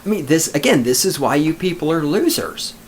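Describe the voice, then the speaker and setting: A man's voice: on the high side, expressive, brisk, slight background noise. A man hosting a podcast, ranting alone in a sarcastic, profane, mocking way. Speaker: podcast host. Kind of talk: sarcastic solo podcast rant.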